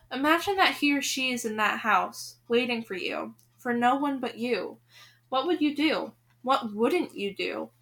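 A woman's voice: on the high side, fairly bright tone. A woman hosting a podcast, reading a children's novel aloud with expression and speaking to the listener directly.

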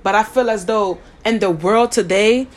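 A woman's voice: mid-range voice, normal speed. A young woman giving a personal talk, earnest and thinking aloud, often restarting her sentences. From United States. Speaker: speaker sharing a personal view.

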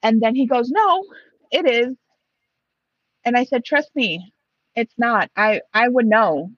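A woman's voice: a little high, moderate pace, dull audio. A Mexican woman telling a story in casual conversation, acting out both sides of a heated exchange. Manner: animated, acts out both sides of a dialogue.

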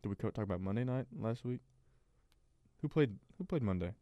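Man, podcast co-host, smooth resonant voice, chatty, rambling, dry studio sound. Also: lowish voice, animated, fairly quick, warm tone, dry recording, lo-fi sound. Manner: rambling, filler-heavy, laughs easily. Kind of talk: casual chat.

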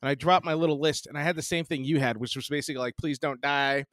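Speaking quickly in a fairly high, steady voice with a fairly bright tone, this man is a podcast co-host in his 40s. In a casual chat, he relates a story full of profanity and imitates the people in it. The recording has no echo.

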